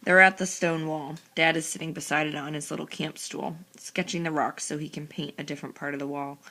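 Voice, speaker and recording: Female audiobook narrator, low and gravelly, sarcastic first-person read. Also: a little fast. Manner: sarcastic, expressive.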